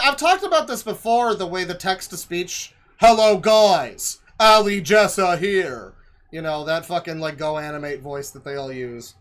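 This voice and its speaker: A man's voice: high-pitched, a bit bright. A male streamer reacting to a video with sardonic, profane, mocking commentary.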